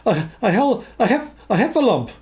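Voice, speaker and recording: A man voicing a tiny, timid young male piglet in a storybook reading for children, crying out in squeaky, breathless, stammering bursts. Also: big pitch swings, unhurried, darkish tone.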